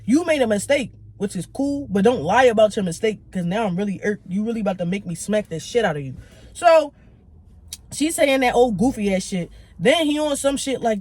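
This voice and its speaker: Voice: mid-range voice, fairly quick. A young adult storytime vlogger telling an irritated, profane story, playing out other people's lines along the way. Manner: heated, profane, animated retelling; acts out the quoted lines of others. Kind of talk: casual storytime rant.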